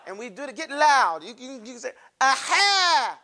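Animated man teaching a class. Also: very high voice, quick pace. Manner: animated, drills the class to repeat sounds aloud. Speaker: Quran recitation teacher. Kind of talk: classroom lesson on letter pronunciation.

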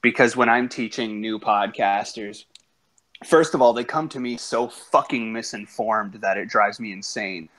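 A man's voice: on the low side, normal speed. A man hosting a casual chat show who teaches podcasters, telling anecdotes bluntly and swearing a lot. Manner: blunt, profane, animated anecdotes.

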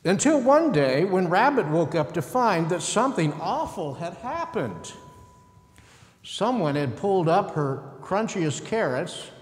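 A male pastor telling a story to children during a service, gently, with asides. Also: high-pitched, sing-song, unhurried. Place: church sanctuary. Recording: echoey church sanctuary.

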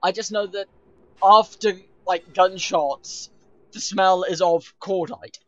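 A streamer chatting casually while playing, laughing often and explaining things with quick restarts. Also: medium pitch, steady tone, a bit bright. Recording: dull lo-fi stream audio.

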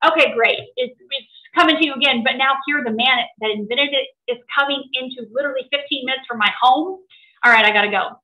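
A middle-aged woman telling a personal story to an audience in an animated way, often laughing. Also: high-pitched, quick pace, reverberant, rough recording. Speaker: presenter.

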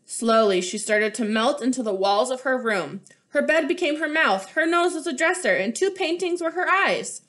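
Young woman, storybook read-aloud, clear and expressive, a bit high. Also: normal speed, few pauses. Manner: expressive and clear, showing pages. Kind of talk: reading a picture book aloud.

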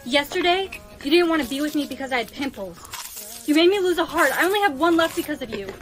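A high, flat synthetic voice plays a guarded, heartbroken schoolgirl, read out by a text-to-speech woman. The reading is even and machine-made, with faint music underneath. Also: quick pace. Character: teenage schoolgirl, wary and heartbroken. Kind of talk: text-to-speech skit narration.

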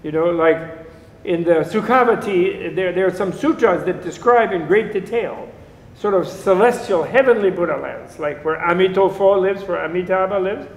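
A man teaches a class on Buddhism in a casual, wandering lecture, joking and chuckling along the way. His voice sits high and moves at a moderate pace, echoing around the lecture room.

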